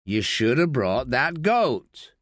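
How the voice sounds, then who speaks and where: A man's voice: very animated, takes it slowly, a bit bright, dry recording, studio quality. A man doing a drawling old American war vet. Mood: gruff. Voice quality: deep treacly drawl.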